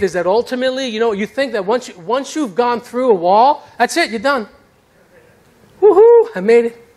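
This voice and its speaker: A middle-aged male pastor preaching a sermon about his own life, telling it in an animated, self-deprecating way. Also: high voice. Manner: animated storyteller, acts out voices, self-deprecating humor. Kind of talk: sermon with personal testimony. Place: church sanctuary.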